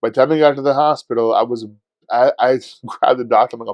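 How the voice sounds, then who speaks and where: A man co-hosting a podcast in casual chat, telling stories in a profane, animated way and acting out his own shouting. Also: medium pitch, quick pace, no room sound, lo-fi sound. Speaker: podcast co-host.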